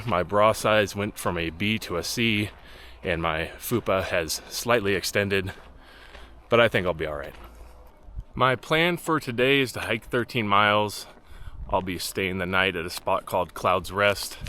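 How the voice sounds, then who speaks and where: A man narrating his long-distance hike in a dry, deadpan vlog style, delivering jokes flatly. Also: lowish voice, slight background noise. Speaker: hiking vlogger. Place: outdoors on a mountain trail.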